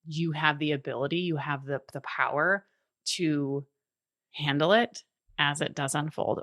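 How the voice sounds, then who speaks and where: A low-pitched woman in her thirties talks through a solo coaching podcast in an earnest, encouraging way, laughing now and then. Her voice sits deep for a woman, recorded close and dry with no room sound. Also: fairly even intonation, unhurried, fairly bright tone, no room sound. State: briefly emotional.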